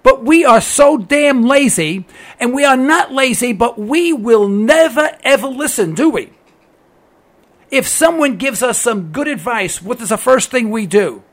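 This American man's very high-pitched, expressive voice moves at normal speed through an opinionated political monologue in radio style. He leans on sarcasm and emphasis, hammering points by saying them again.

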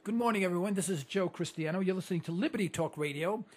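A man's voice: sits high, fast talker, a little mellow. An older man hosting a talk radio show, ranting and repeating himself as he hollers at listeners.

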